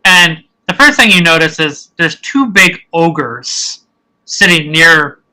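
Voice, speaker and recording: A man's voice: a little high, expressive, slow pace, pushed and bright, rough recording. A man narrating a tabletop game as game master, rambling and searching for words as he describes scenes.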